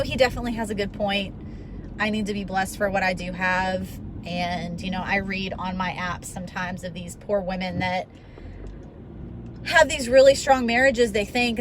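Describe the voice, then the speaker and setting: A young woman chatting casually and earnestly to the camera in a rambling vlog, talking while she drives. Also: medium pitch. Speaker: vlogger. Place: in a car on the road. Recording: car recording with road noise. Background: road and car noise.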